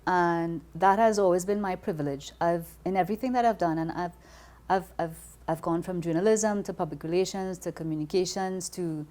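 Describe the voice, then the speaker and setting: Expressive Trinidadian woman, a bit low. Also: a little fast, hardly any pauses. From Trinidad and Tobago. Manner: expressive, laughs easily, repeats words when starting. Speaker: interview guest. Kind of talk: conversational interview.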